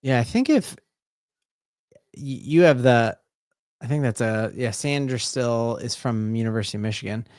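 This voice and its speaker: A man hosting a live play-by-play watch-along as a sports fan, excitable and breaking into shouted exclamations, rambling and restarting his sentences. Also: mid-range voice, normal speed, long pauses, no echo, clean studio sound. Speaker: sports fan stream host.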